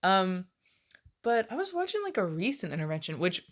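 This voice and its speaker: A woman's voice: medium pitch, very animated, normal speed. A woman in her late twenties rambling casually in a confessional vlog, swearing often and laughing between phrases. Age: late 20s. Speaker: vlogger.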